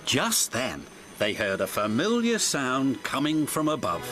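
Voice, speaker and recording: A man narrating a children's storybook in a gentle, expressive read-aloud manner. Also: mid-range voice, measured pace, music in the background.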